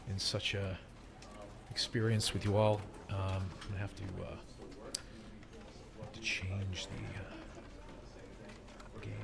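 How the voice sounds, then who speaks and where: Male game streamer, casual livestream chat, rambling, self-mocking, small room, desk mic. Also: lowish voice. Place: small room surrounded by screens.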